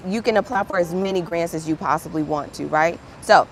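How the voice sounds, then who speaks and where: A woman's voice: on the low side, brisk, slight background noise. Upbeat woman hosting a casual livestream. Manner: upbeat, encouraging, chatty, calls viewers "friend". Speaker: livestream host and grant writer.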